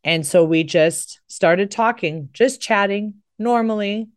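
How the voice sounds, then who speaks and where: A middle-aged American woman, the host of a talk show, speaks slowly in a mid-range voice. Her monologue is impassioned, earnest and emphatic, rising with emotion.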